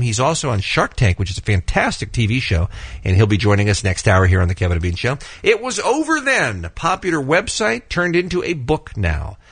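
A man's voice: medium pitch, vocal fry, a bit bright, breathy edge, no echo. A man hosting a morning radio show, teasing his co-hosts and running down the day's lineup in a studio. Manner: brisk, teasing, runs the show. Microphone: studio microphone.

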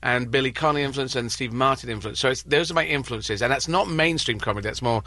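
A man's voice: mid-range voice, fast talker, sharp tone, dry recording. A man with an English accent, a comedian guest telling rambling, self-correcting stories in a casual interview.

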